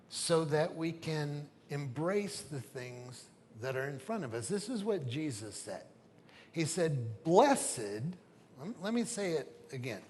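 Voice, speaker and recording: A man's voice: on the high side, a little mellow, slight background noise. A middle-aged man preaching a sermon as a pastor, telling stories conversationally and with humor, in a church sanctuary. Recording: reverberant church hall with faint ambience.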